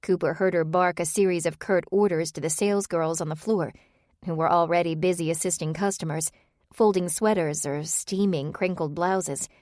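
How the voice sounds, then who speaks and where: Low-voiced woman narrating an audiobook. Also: fairly even intonation, normal speed, a little mellow, no room sound, clean studio sound. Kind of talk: scripted narration.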